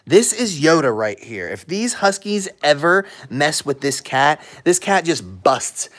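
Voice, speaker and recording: A young man hosting a casual livestream, chatting playfully and talking softly to his pets between answers. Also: a little high, sing-song, a little slow. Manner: playful, talks to his pets in soft baby talk and voices their thoughts. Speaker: livestream host with dogs.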